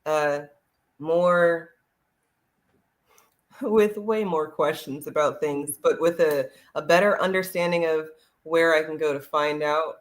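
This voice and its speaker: A man hosting a casual conversation, measured and reflective. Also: a little high.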